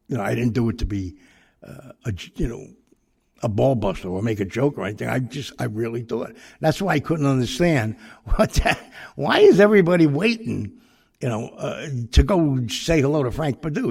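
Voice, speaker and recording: A man's voice: mid-range voice, vocal fry, a little mellow, husky. An older man tells a rambling, profane anecdote, full of fillers and restarts. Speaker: storyteller. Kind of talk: casual anecdote.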